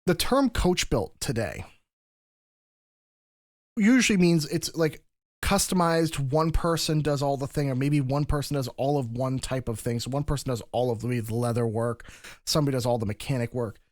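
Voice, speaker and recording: A man's voice: mid-range voice, normal speed, no echo, studio quality. A man hosting a podcast, explaining history in a casual, lecturing way with frequent restarts. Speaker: podcast host.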